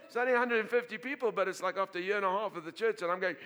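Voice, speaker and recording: A man preaching to his congregation in a bright, slightly high voice. He tells his story in an animated way, with frequent laughter and words he repeats and restarts as he builds to excited peaks. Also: racing, few pauses. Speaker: pastor. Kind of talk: sermon with storytelling.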